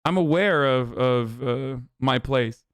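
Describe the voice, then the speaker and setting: A man's voice: mid-range voice, takes it slowly, clear, resonant tone, dry recording. A young man hosting a live stream, ranting with profanity and exasperation at his chat. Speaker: livestream host.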